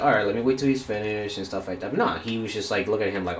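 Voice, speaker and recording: A man with a low voice tells a rambling story while streaming a game, quoting people and swearing casually. His voice bounces around an echoey room, with a faint hum of noise behind it. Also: rapid-fire.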